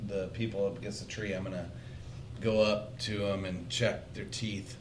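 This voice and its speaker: Male player, lower voice, hesitant delivery, roomy recording. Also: little pitch movement, noisy background. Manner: hesitant, halting. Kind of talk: casual tabletop game chat.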